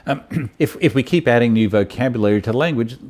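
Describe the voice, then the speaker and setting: A man giving a university lecture, halting often with ums and restarting his phrases. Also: medium pitch, a little mellow.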